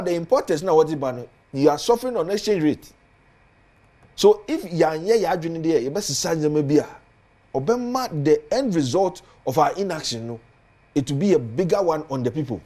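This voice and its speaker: A man's voice: a little high, expressive, a little fast, mellow. A man with a Ghanaian accent, a politician guest on a studio talk show, speaking earnestly and building emphasis as he lists points.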